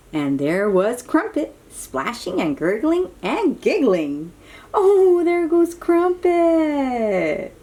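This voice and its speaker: A woman's voice: fairly low pitch, a little mellow. A woman reading a picture book aloud to young children, with exclamatory, chatty asides to her little listeners. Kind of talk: read-aloud storytelling for children.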